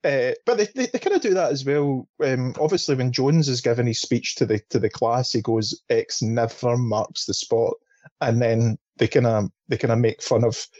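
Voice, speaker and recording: Man, casual film chat, husky voice, dry dull sound. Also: medium pitch, a little fast, hardly any pauses, no echo. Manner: animated, sweary storyteller. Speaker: film podcast panelist.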